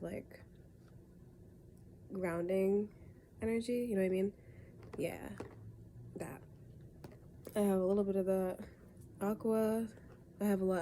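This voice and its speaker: A woman's voice: lowish voice, dark tone, slight background noise. A young woman with a stuffy cold, giving a casual tarot reading from her bed and rambling as she corrects herself. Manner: rambling, loose and self-correcting. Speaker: tarot reader. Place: in bed at home.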